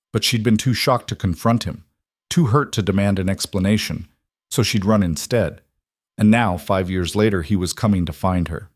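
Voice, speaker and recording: A man giving a scripted narration of a romance story in a steady, even way. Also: fairly low pitch, dry recording, studio quality.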